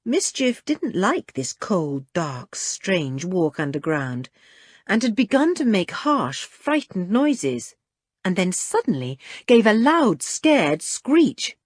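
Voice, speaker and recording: A woman narrating a children's adventure audiobook with expressive reading. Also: medium pitch, slow, husky, no room sound, clean studio sound. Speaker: audiobook reader. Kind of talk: storybook narration.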